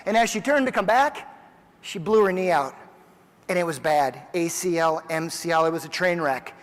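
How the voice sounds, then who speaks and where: A man in his forties delivering a motivational keynote, telling stories with lively energy and acting out the people in them. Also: high voice, normal speed. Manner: animated storyteller who acts out quoted dialogue. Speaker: keynote speaker. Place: large conference hall. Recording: long reverb of a big conference hall.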